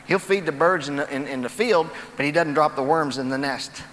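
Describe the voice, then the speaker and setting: A man's voice: a little high, a little fast, fairly bright tone, slight background noise. A man giving a folksy motivational talk on stage, telling jokes and stories to an auditorium audience. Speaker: motivational speaker. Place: large auditorium. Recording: distant, echoey live hall recording.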